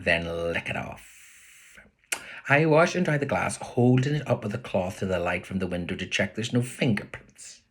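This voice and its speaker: Husky Belfast man reading a novel. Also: fairly low pitch. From Northern Ireland. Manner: lively voices for the characters. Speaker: author reading his novel.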